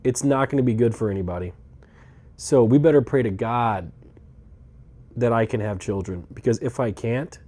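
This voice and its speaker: A man's voice: medium pitch, normal speed, long pauses, mellow. Rambling, foul-mouthed young male streamer. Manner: rambling, swears freely, dry sarcastic asides. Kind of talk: casual live-stream chat. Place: inside a rental car on a road trip.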